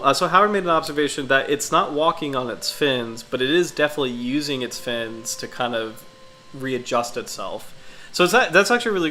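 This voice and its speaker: A man's voice: mid-range voice, bright, forceful tone, poor audio. A congested, sniffly man hosting a casual livestream, rambling enthusiastically with many fillers and restarts. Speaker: livestream host.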